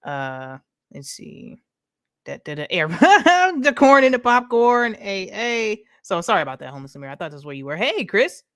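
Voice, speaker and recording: A woman's voice: mid-range voice, very animated, moderate pace, fairly bright tone, no room sound, studio quality. A woman from the United States hosting a casual live stream, chatting with viewers, greeting them by name and laughing often in an upbeat, slangy way.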